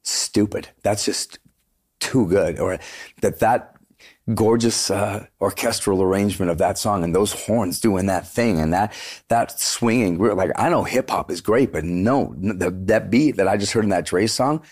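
Deep-voiced man telling animated stories. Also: normal speed, slightly rough. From Canada. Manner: animated storytelling, swearing, frequent "like" and "dude". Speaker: guest singer. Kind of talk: casual interview chat.

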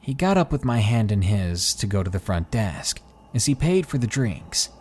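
Low-voiced male horror narrator. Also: big pitch swings, normal speed, a little mellow, slight background noise. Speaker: horror story narrator and channel host. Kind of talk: scripted narration of a horror story. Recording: faint background music.

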